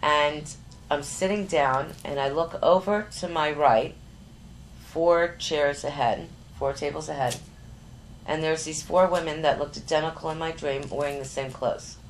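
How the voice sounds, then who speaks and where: Low gravelly woman telling a vivid story. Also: a little slow, a little hiss or hum, poor audio. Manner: lively, stumbles and repeats words, acts out other people's voices. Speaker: psychic guest. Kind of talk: animated storytelling in an interview.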